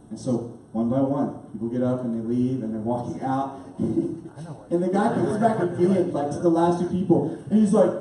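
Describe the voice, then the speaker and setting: A young man tells a story to a youth group, animated and quick to laugh, his speech full of fillers. His voice sits high but mellow. He is heard from a distance in a very echoey room. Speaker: youth pastor. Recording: very echoey room, speaker far off.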